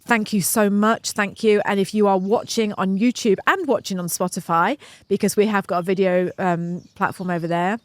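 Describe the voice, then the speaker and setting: This podcast co-host is a middle-aged woman whose mid-range voice holds a steady tone at a moderate pace with barely any pauses, captured in a dry recording. Recorded outdoors at home, she shares stories effusively and with plenty of feeling on the casual show.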